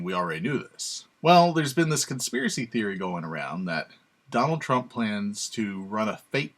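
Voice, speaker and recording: A man's voice: medium pitch, fairly bright tone. A man hosting his own channel, giving sarcastic, emphatic opinionated commentary and chuckling to himself. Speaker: channel host.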